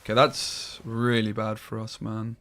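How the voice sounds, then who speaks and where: Bright-voiced man streaming a game. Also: on the low side, completely flat delivery, faint music behind. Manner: casual, swears freely, quick to get frustrated. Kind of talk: gameplay commentary.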